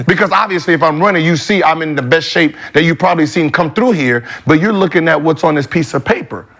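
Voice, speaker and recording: Podcast host, man, slightly high voice, profane and animated storyteller. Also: quick pace. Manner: profane, emphatic, mimics others' voices. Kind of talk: animated storytelling in casual chat.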